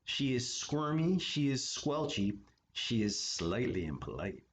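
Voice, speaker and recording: A man reading a children's picture book aloud at story time, with relaxed, chatty asides. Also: medium pitch, measured pace, a little hiss or hum. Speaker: story time reader for an art studio. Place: art studio.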